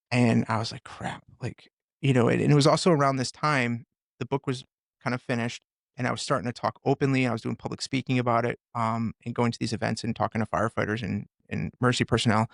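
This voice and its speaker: Earnest middle-aged man with gravelly voice. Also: mid-range voice, no room sound, studio quality. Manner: earnest, halting, with many restarts. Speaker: podcast guest, firefighter and author. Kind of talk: storytelling in a conversation.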